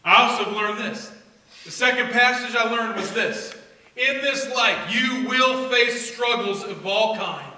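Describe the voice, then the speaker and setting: A middle-aged man giving an energetic faith talk to young people, with loud bursts and low, intense asides. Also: a little slow. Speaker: speaker at a youth faith event. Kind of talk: energetic motivational talk to students. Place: church hall. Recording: echoey hall recorded from far off.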